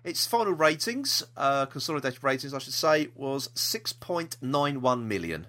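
A man's voice: mid-range voice, sing-song, normal speed, bright, forceful tone. A man co-hosting a podcast, talking in a chatty, jokey, rambling way. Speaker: podcast co-host. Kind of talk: casual chat.

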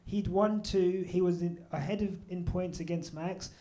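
Brief: young-sounding man, high voice, brash live-podcast host, swears a lot. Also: fairly even intonation, normal speed. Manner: loud, swearing, laughing banter. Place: live event venue with audience.

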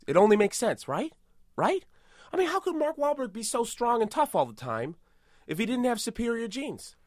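A man's voice: very high-pitched, moderate pace, dry recording, studio quality. A man doing a boastful tough-guy star. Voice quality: rambling, self-aggrandizing, deadpan absurd. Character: boastful tough-guy movie star impression, male adult. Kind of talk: improvised comedy podcast.

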